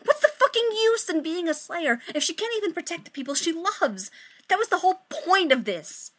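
A woman's voice: extremely high pitch, sing-song, normal speed, a bit bright. A woman reading a story aloud in a chatty way, swearing and breaking off for joking asides. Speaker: story reader. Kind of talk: reading fan fiction aloud.

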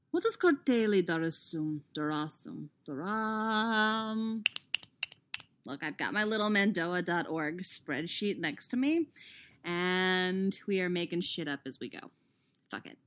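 A woman's voice: fairly low pitch, animated, measured pace, a bit bright. A woman reading a podfic, chatting through her bloopers and author's notes, swearing freely and laughing at her own mistakes, recorded on a living room couch. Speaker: podfic reader.

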